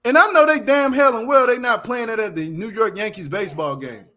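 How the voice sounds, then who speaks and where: This commentary channel host has a high, sharp-toned voice and a brisk delivery. He rants bluntly on his casual show, swearing heavily while talking straight to his viewers.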